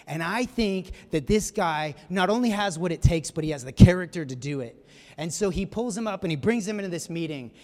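Casting: animated male preacher with a high voice, storytelling sermon, reverberant hall. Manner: animated storyteller, quick asides. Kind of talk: sermon retelling a film scene. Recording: echoey hall.

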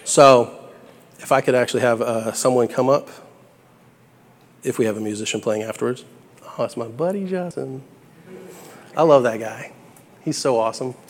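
Earnest young preacher in echoing hall. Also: male voice, mid-range voice, normal speed, long pauses. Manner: earnest, conversational, builds to bursts of emphasis. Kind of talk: sermon. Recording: echoey hall with long reverb.

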